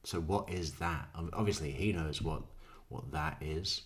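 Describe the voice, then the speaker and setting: A man's voice: a bass voice, measured pace. Guy reacting to crime footage, dry jokes, laughs a lot, takes his time. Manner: wry, sardonic, laughs often. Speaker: true crime commentator. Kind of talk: casual commentary.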